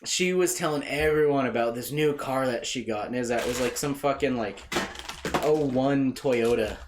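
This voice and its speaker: A man hosting a podcast, rambling through a crude story in loose casual chat. His voice sits at a middling pitch. A faint noise hums under it. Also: moderate pace. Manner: rambling, profane storytelling with laughs. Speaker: podcast host.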